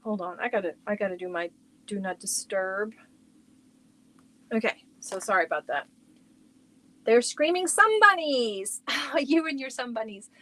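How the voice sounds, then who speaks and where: A woman's voice: mid-range voice, expressive, moderate pace, pauses often, poor audio. A woman hosting a casual crochet livestream from home, chatting and reacting to viewer comments as she shows yarn. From Germany.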